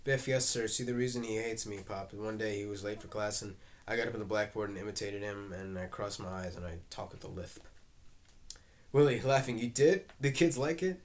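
A man reading a stage play aloud, voicing every part himself and reading out the stage directions, with some halting restarts. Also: lowish voice, fairly even intonation. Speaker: reader. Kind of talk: amateur reading of a play, all parts.

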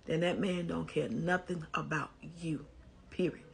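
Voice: medium pitch, fairly even intonation, measured pace, vocal fry, fairly bright tone, slight background noise. An advice commentator, reading a post aloud and giving blunt, scolding commentary in a casual way.

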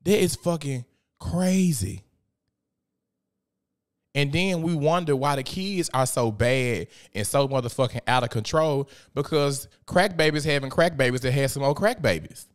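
Podcast host, male, mid-range voice; blunt, profane, animated storyteller. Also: medium pitch, a little slow. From Memphis, USA. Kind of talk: casual podcast monologue.

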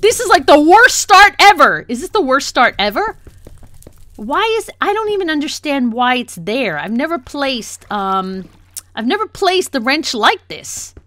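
A young woman hosting a gaming channel, giving flustered, excitable let's play commentary and laughing often. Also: fairly high pitch.

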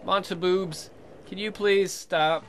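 Bright-voiced excitable young man gaming. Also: sits high, slow, faint music behind. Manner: excitable, swearing, jokey, talks to the game. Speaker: let's play host. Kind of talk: casual gameplay commentary.

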